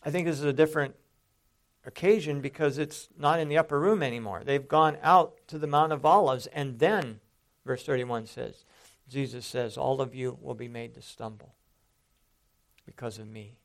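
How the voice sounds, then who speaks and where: A man's voice: mid-range voice, normal speed. A man teaching a Bible sermon, explaining passages step by step and stressing quoted lines with emphatic rises.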